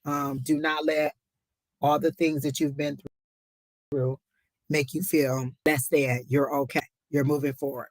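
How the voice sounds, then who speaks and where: A woman giving a live psychic reading, emotional and close to tears, warmly encouraging the viewer and calling her honey. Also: low-pitched, level tone, unhurried, no room sound. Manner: talks to the chat as y'all. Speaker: psychic reader on a live stream.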